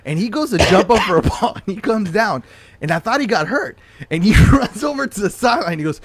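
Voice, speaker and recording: A man's voice: sits high, lively intonation, brisk, dry recording. A young man hosting a podcast, teasing his guest and telling a funny story with lots of laughter. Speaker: podcast host. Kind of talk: casual podcast chat.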